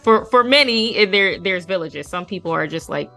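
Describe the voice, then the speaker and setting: A woman hosting an interview, a mother sharing stories in an animated, expressive way. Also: fairly high pitch, soft background music. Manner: animated storytelling, quick and expressive. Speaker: podcast host. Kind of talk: casual interview chat.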